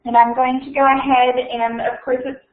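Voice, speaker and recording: A young woman hosting an online reading event and reading a story aloud, chatty and unhurried, with plenty of fillers. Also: sits high, flat delivery. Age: young adult. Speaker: event host and reader. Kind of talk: casual hosting and book reading. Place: at home on a video call. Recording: echoey tinny online call audio.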